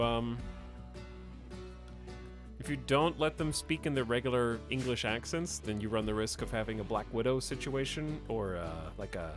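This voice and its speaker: A man streaming and chatting casually, giving rambling, opinionated takes full of fillers and restarts. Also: medium pitch.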